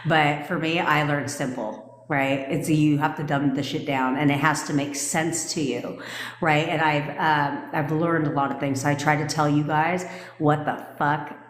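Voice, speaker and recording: A low-voiced woman talks casually to her livestream viewers as their coach. She is blunt and swears freely, laughing often. Her voice rings in an echoey room with a long reverb tail. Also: steady tone, unhurried. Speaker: manifestation coach.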